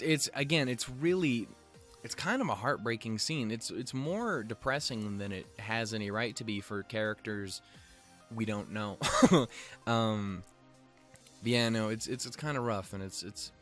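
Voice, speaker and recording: A man's voice: on the low side, fairly bright tone. A man giving a casual episode recap with rambling, restarting sentences and offhand swearing. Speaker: show reviewer.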